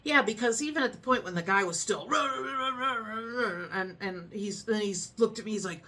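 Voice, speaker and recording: Chatty middle-aged woman, bright voice. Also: mid-range voice, moderate pace. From United States. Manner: chatty, laughs often, calm and frank. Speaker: vlogger. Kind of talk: casual storytelling chat.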